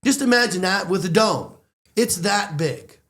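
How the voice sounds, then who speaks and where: An American man telling a story in a lively, excitable way, speaking in quick bursts. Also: sits high. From United States. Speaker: storyteller guest. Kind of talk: animated storytelling.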